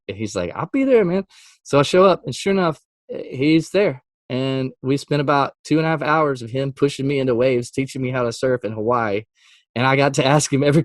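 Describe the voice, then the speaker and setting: In a laid-back interview, a mid-pitched Christian music artist recounts a story, voicing each quote with big pitch leaps and laughing a lot. The recording is close and dry, without any room sound.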